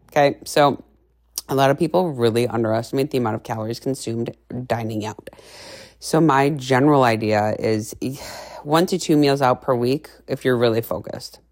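Low gravelly lady coach, brash and sweary, chatty podcast rant. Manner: brash, profane, animated storytelling with playful voices. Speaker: fitness and nutrition coach. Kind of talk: casual podcast monologue.

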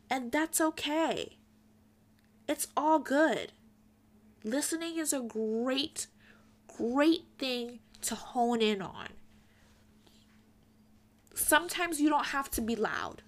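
A woman's voice: sits high, expressive, takes it slowly, pauses often, a bit bright. A young woman giving an earnest, pointed opinion commentary straight to her viewers. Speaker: commentary vlogger.

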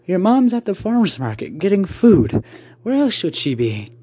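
A man's voice: high voice, sing-song, moderate pace, mellow, husky, no room sound, pitched above the performer's own voice, exaggerated voice. A man voicing a caring, fussy aunt in a raised, motherly voice. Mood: fussing. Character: fussing, caring aunt, a woman.

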